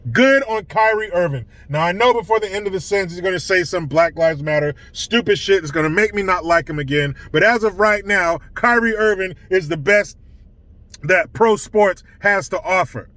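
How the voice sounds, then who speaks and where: A man's voice: high-pitched, normal speed, fairly bright tone, no echo. A man hosting his own commentary channel, ranting bluntly and scornfully with plenty of profanity. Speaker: political commentary channel host.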